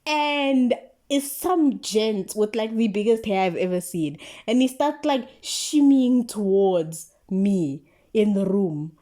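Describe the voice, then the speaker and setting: A young woman with a South African accent tells a story as if chatting with friends. Her voice is mellow and low in brightness, and her slangy delivery is animated and packed with casual fillers. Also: takes it slowly. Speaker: vlogger.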